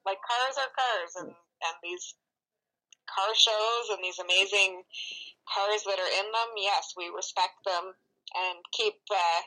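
A woman's voice: mid-range voice, slow pace, pushed and bright, rough recording. A woman from around Calgary, a singer and barrel racer, chatting upbeat by phone as a guest, laughing easily. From Calgary area, Canada.

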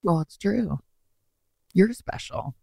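A woman's voice: mid-range voice, expressive, slow, vocal fry, dark tone, slightly rough, no room sound, studio quality. A woman co-hosting a podcast in casual chat, effusive and rambling. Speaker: podcast co-host.

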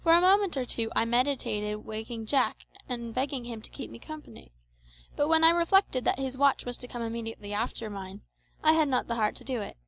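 A woman's voice: on the high side, a little fast, creaky, fairly bright tone, low-quality recording. Woman reading an adventure novel aloud. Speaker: audiobook narrator. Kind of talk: scripted audiobook narration of an adventure novel.

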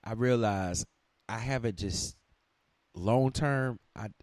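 A man's voice: on the low side, slow, darkish tone, no echo. A man podcaster rambling on in a loose, profane monologue, half talking to himself. The sound is dry and close, with no room in it. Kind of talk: casual rambling monologue while gaming.

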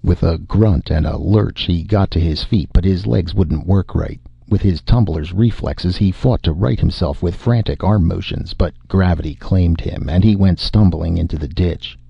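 A man narrating an audiobook in a steady, measured way. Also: deep voice, vocal fry, slightly rough, dry recording. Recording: dull, dry recording.

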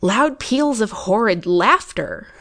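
A woman's voice: medium pitch, animated, slow pace, fairly bright tone, pitched above the performer's own voice. A woman voicing a nervous, stammering young male student. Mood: frightened. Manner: stammering, anxious.

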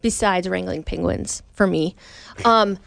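A woman co-hosting a podcast, chatting casually in an animated, rambling and blunt way with some swearing. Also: lowish voice, measured pace, creaky, no echo. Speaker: podcast co-host. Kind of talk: casual chat.

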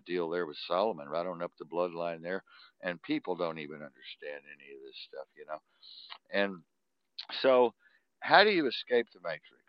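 A man's voice: very deep voice, no echo, muffled recording. A man with a Texan accent hosting a live stream, rambling casually, laughing often, with a constant "you know". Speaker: host of a live talk stream.

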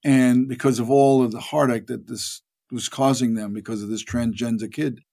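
A man's voice: mid-range voice, moderate pace, gravelly. A man telling rambling stories in a casual interview, acting out the people he quotes. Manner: rambling, animated, acts out quoted voices. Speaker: actor guest.

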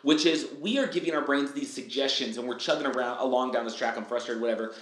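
A man talking on a podcast, lively and casual, who acts out little quoted lines in other voices. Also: mid-range voice, quick pace, roomy sound. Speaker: guest speaker. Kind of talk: energetic podcast interview.

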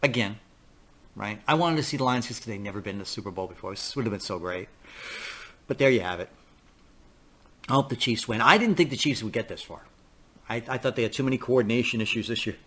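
Fast and husky, with frequent pauses and a fairly bright tone at medium pitch, a New York–area man hosts a talk podcast. He rambles casually, restarts and repeats himself, and voices the people he quotes.

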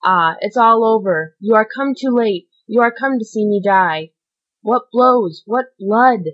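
A woman's voice: on the high side, measured pace, close to an everyday voice. Woman voicing a frantic dying man, gasping pleas, raised and strained, slightly dull audio. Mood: desperate. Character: dying wounded man, desperate and pleading.

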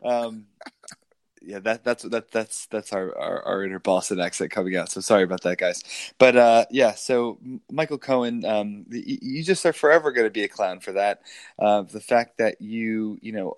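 Low-voiced man mocking politicians. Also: fairly even intonation, normal speed, dry recording, clean studio sound. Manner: mocking, rambling with many fillers. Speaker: podcast co-host. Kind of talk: casual political banter.

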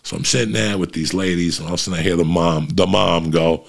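A middle-aged man hosting a show, telling a story in casual, profane, animated chat to his listeners. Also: low-pitched, quick pace, vocal fry. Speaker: podcast host.

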